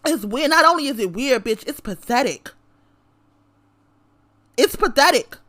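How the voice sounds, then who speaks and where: A woman with a high, sharp, bright voice rants straight to camera. She is confrontational and profane, and she hammers her points by repeating them. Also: expressive, measured pace. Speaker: vlogger. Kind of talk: direct-to-camera rant.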